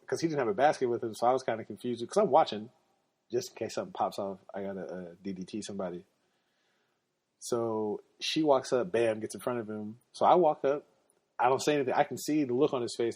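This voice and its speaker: A man hosting a podcast, telling casual stories in an animated, slangy way and laughing often. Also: lowish voice, husky. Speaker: podcast host. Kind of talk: casual storytelling.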